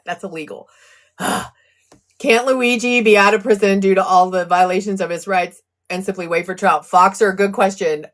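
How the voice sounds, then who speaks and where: A true crime live streamer gives casual commentary on a legal case in a mid-range, fairly bright voice. She's agitated and fired up, her blood pressure up as she vents and reads viewer comments aloud.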